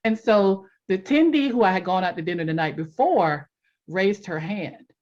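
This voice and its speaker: Woman, podcast guest, animated, laughing, acts out quotes, muffled lo-fi audio. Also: medium pitch, normal speed. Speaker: podcast guest, life coach. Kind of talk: casual interview storytelling.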